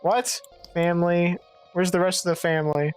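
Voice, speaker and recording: A woman streamer giving let's play commentary, thinking out loud, swearing freely and reading game text aloud, with faint game music behind. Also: lowish voice, level tone, moderate pace, clean tone. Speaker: gaming streamer.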